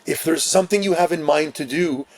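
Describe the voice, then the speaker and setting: A man's voice: a little high, a little fast. A man, a fitness coach talking as a podcast guest, laying out his points emphatically. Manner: energetic, emphatic listing of points. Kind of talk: podcast interview.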